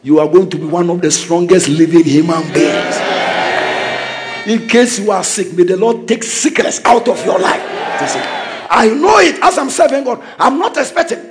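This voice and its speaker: A man with a Ghanaian English accent preaches a sermon in a notably high voice. He delivers fervent declarations that climb into shouts and drives each point home to his congregation. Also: expressive, moderate pace, over music, crowd noise.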